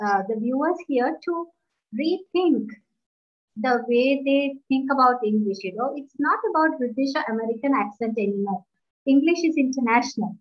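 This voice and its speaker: A woman co-hosting an English-learning talk, giving direct and instructive advice to viewers and often checking with "right?". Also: high-pitched. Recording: dull lo-fi audio.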